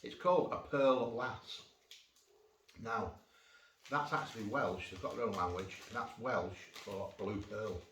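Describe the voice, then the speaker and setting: A man's voice: on the low side, measured pace, a bit bright. A man chatting through a casual food vlog, rambling with jokey asides, recorded on a phone without an external mic. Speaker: food vlogger. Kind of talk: casual cheese-tasting vlog. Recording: roomy, distant phone mic, faint noise.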